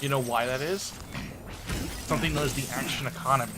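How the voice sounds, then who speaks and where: A man streaming live, explaining tabletop game rules in a blunt, casual way, swearing and clearing his throat often. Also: mid-range voice, fast, heavy background noise.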